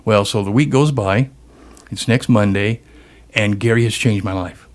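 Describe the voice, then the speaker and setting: A middle-aged man with a fairly low voice is the guest here, telling a story in a lively, animated way. He slips into the other people's lines as he tells it. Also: normal speed. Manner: animated storyteller acting out dialogue. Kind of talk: storytelling interview.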